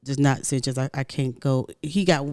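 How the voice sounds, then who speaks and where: A woman's voice: rumbling low, moderate pace. A woman co-hosting a casual talk podcast, telling playful stories about home life. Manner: lively storyteller, playful, laughs often. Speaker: podcast co-host.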